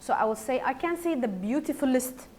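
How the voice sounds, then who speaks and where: A woman with an Egyptian accent teaching a primary school English grammar lesson, slowly repeating word forms so children can follow. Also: sits high, expressive, darkish tone. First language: Arabic. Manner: slow, repeats words for drilling.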